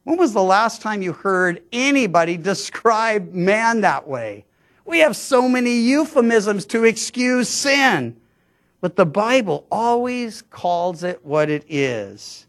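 A man with a notably high voice delivers a Bible-teaching sermon. His tone is chatty rather than grand, and he often repeats a word before finding his sentence. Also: lively intonation, unhurried. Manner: conversational, frequent stammered restarts. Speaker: pastor.

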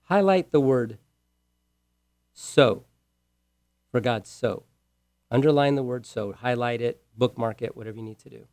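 A man's voice: mid-range voice, measured pace, long pauses, no room sound. Emphatic male preacher, dry sound. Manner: emphatic, repeats key words, swings between loud and hushed; asks the listeners direct questions. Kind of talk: sermon.

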